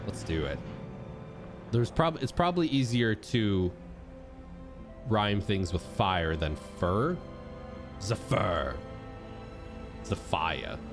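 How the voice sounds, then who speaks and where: A young man chatting casually as he streams a game, thanking subscribers and reacting out loud. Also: lowish voice, takes it slowly, long pauses. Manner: animated, chatty, shouts out subscribers. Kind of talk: casual gameplay commentary. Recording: game music playing behind.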